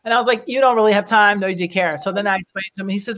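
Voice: mid-range voice, racing, fairly bright tone. A host of a casual group discussion, a chatty storyteller who acts out the voices of people in the story.

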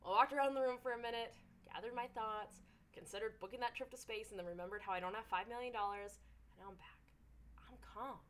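A young woman hosting a scripted commentary show, talking in an animated, sarcastic way. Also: on the high side, quick pace. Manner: animated, sarcastic, puts on silly voices for jokes. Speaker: host.

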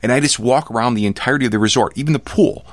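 A man's voice: mid-range voice, very fast, dry recording. Enthusiastic male podcast host, dry sound. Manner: enthusiastic, agreeable interviewer. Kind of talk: casual interview chat.

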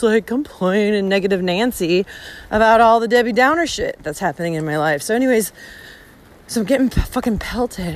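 A woman podcast host walks along a village road outdoors, giving an emphatic, heavily profane, reflective monologue in a fairly high-pitched voice. The low-quality recording picks up wind and outdoor ambience as background noise.

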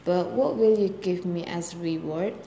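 A woman's voice: fairly low pitch, a little slow, gravelly, warm tone, slight background noise. A woman voicing a small, lonely talking frog that pleads and makes demands, in a raised voice. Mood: pleading. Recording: echoey room with faint ambience.

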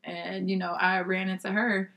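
A woman telling a personal story in casual conversation, lively and laughing often, acting out what people said. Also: mid-range voice, normal speed. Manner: lively, laughs often, acts out quoted dialogue.

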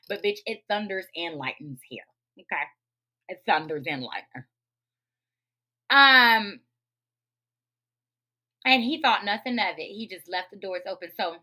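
A woman's voice: medium pitch, pushed and bright. A woman hosting her own podcast, telling a story in a blunt, profane, fired-up rant with speech patterns. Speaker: podcast host.

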